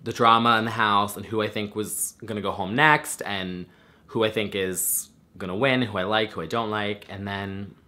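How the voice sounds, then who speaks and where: Bright-toned man ranting casually. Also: fairly low pitch, steady tone, normal speed. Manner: chatty, swears freely, lots of fillers. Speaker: vlogger. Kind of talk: casual reaction rant.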